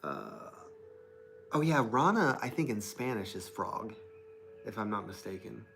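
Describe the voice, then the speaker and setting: A young man with a fairly low voice chats casually on a livestream, rambling and thinking aloud as he reads viewer comments. He speaks into a laptop mic at his desk. A faint hiss sits under his voice. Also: sing-song, a little slow, creaky, fairly bright tone. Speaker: livestream host. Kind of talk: casual live-stream chat. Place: indoors at a desk with plants.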